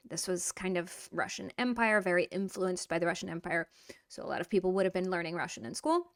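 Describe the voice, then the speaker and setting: A woman's voice: on the low side, expressive, fast talker, dry recording, studio quality. A woman teaching a casual video language lesson in a playful, chatty way that pokes fun at herself. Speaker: Russian teacher.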